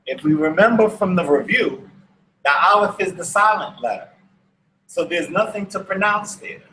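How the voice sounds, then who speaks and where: A man's voice: sits high, animated, moderate pace, sharp tone, echoey room, a little hiss or hum, rough recording. A man teaching a language lesson to an online class, speaking patiently and repeating each word for his students. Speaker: Hebrew teacher. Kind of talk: slow classroom instruction.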